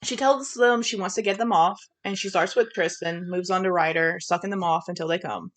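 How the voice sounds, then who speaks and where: A woman's voice: lowish voice, fairly quick. A woman with a Southern accent co-hosting a podcast, bluntly recapping a romance novel's plot in casual, profane chat. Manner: frank, profane, summarizing plot with giggles. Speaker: podcast co-host. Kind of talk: casual book review chat.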